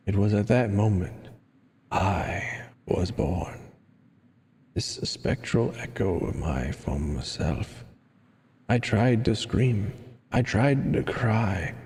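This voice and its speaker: A man reading game dialogue aloud, voicing a weary, withered ghost with a tired, gravelly voice and a slow, heavy delivery. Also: darkish tone, a little hiss or hum. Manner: slow, heavy storybook reading with low sinking tones. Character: weary withered ghost, echo of a dead sailor.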